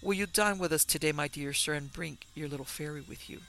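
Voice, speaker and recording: Guy reading a smarmy flattering gent, gravelly and bright, laying it on thick. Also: fairly high pitch, brisk. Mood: gushing. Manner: effusive, gushing courtesy. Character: oily, flattering middle-aged gentleman. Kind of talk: audiobook character reading.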